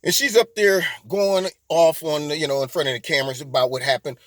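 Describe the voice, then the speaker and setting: Mocking, high-voiced male commentator. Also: brisk, fairly bright tone, no room sound. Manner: mocking, emphatic, rambling asides. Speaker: host of a political commentary channel. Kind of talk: political commentary monologue.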